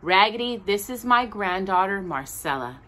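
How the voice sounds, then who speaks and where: A woman's voice: mid-range voice, animated, normal speed, fairly bright tone, close to an everyday voice. A woman voicing a kindly old grandmother in a storybook, speaking tenderly. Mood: fond. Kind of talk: storybook read-aloud.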